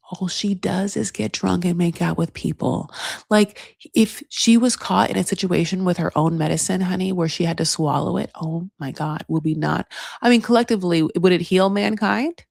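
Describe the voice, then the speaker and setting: A woman hosting a casual reality-show recap, gossipy and animated, acting out what the cast says. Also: fairly low pitch, normal speed, gravelly, breathy edge, no echo, studio quality. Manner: gossipy, animated, acts out the cast's lines.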